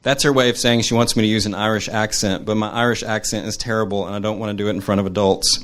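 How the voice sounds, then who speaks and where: A man reading his personal essay aloud to a live audience, earnest and measured. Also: fairly low pitch, fairly even intonation, fairly bright tone, slight background noise. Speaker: storyteller.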